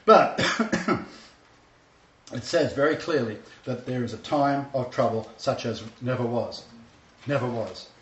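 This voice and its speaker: A man's voice: mid-range voice, unhurried. A man preaching a sermon lecture, emphatic and repeating his key phrases. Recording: distant, roomy, dull sound.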